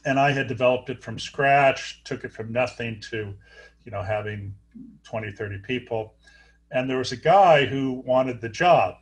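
A middle-aged man, a surgeon, telling stories in an interview, halting often with fillers and restarts. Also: mid-range voice. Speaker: guest, neurosurgeon. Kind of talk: storytelling interview talk.

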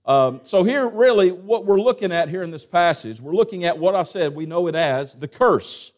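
A man's voice: high-pitched, animated, normal speed, darkish tone. A man preaching a sermon in church, folksy and casual, reading scripture aloud with rising emphasis. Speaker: pastor. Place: church sanctuary.

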